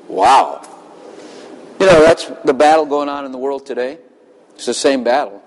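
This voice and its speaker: A man preaches with fervent emphasis, reading scripture dramatically. His voice sits somewhat high for a man. The sound carries a long reverb from a large hall. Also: expressive, normal speed. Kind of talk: sermon.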